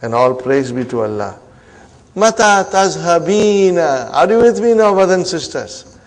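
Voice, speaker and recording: A man teaching an Arabic grammar class, coaxing students along, drilling terms slowly and checking they follow. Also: medium pitch, big pitch swings. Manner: coaxing, repeats "huh?" and "are you with me" to check students.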